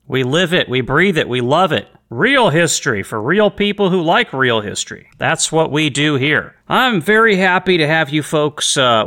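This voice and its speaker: A man's voice: mid-range voice, pushed and bright. A man hosting a history podcast in a casual, opinionated monologue, emphatic and full of fillers. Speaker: podcast host.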